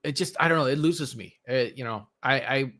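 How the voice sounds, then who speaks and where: A man's voice: medium pitch, fairly bright tone. Guy rambling on a podcast, lots of restarts, plain mid voice. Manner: rambling, halting, many restarts. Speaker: podcast co-host. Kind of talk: casual chat about movies.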